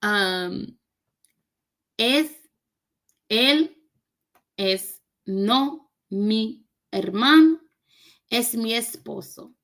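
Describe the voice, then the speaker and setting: A woman's voice: on the high side, lively intonation, very slow, long pauses, a bit bright. A woman learning a language on camera, chatting casually and joking with her viewers. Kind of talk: casual chat while doing a recorded lesson.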